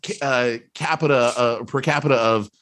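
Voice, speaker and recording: A man's voice: medium pitch, moderate pace, fairly bright tone. A man co-hosting a podcast in casual chat, playful and laughing mid-sentence. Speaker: podcast co-host.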